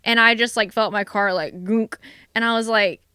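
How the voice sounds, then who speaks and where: A young woman co-hosting a casual podcast, telling animated, swear-filled stories full of "like"s. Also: fairly high pitch, normal speed, smooth, no echo, studio quality. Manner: animated, profane storytelling with many "like"s. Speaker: vlogcast co-host. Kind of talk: casual chat.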